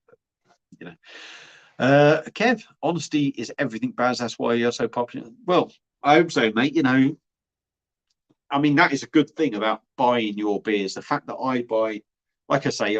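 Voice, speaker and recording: A man chatting blunt and casual on a livestream, swearing freely as he reads out viewer comments. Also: lowish voice. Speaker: beer reviewer and livestream host. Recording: dull lo-fi livestream audio.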